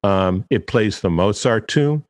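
A man's voice: lowish voice, animated, a little slow, long reverb tail. A man hosting a podcast, talking casually in a chatty, digressive and self-deprecating way. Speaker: podcast host.

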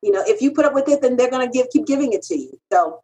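A woman's voice: very fast, low-quality recording. A middle-aged woman, a freelance copywriter, telling stories in an interview in a candid, emphatic way. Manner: animated, emphatic, pitch jumps when quoting herself.

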